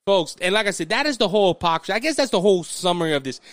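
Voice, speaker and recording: A man with a Louisiana Southern accent hosting an opinion podcast monologue, animated and restless, often restarting his sentences. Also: high-pitched, racing, no echo. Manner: animated, restless, frequent restarts and mock voices. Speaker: podcast host.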